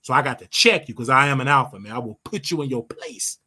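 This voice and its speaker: A man's voice: medium pitch, expressive, fast talker, sharp tone, breathy edge. An older man hosting his own show, giving a brash, scolding commentary monologue and drawing out words for emphasis. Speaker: show host.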